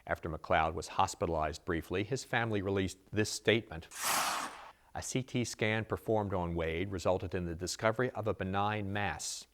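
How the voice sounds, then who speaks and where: A man with a fairly low voice reads hockey news copy in a measured, even cadence. It sounds like a clean, scripted studio read. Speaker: show host. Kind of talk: scripted sports news narration.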